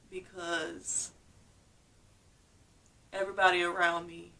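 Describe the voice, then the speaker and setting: A woman's voice: lowish voice, a little slow, sharp tone, distant mic. A woman vlogger telling a personal story candidly and emotionally, acting out what people said.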